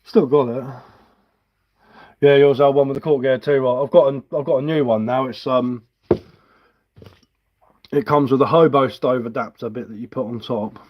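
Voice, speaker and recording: A man's voice: mid-range voice, normal speed, long pauses, lo-fi sound. A man, hosting a live stream and chatting casually as he works, rambling and poking fun at himself. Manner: relaxed, rambling, self-mocking. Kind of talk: casual chat while carving. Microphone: headphones with mic.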